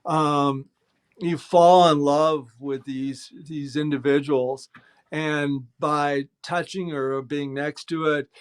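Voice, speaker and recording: A middle-aged man, a bookstore owner telling lively anecdotes in a casual interview. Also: a little high, slow, clear, resonant tone. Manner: animated anecdotes, acts out quoted voices.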